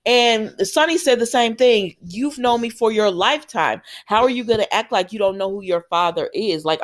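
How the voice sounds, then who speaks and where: Chatty woman recapping a soap. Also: lowish voice. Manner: retells scenes in quoted dialogue, chatty asides; laughs and exclaims at the characters. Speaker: soap opera recap host. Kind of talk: casual recap vlog.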